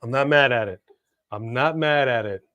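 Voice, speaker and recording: Male stream co-host, excitable play-by-play, dry close mic. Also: medium pitch, normal speed, no echo, lo-fi sound. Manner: animated, reacts to the action and reads super chats aloud. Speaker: watch-along co-host. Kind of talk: casual live-stream commentary.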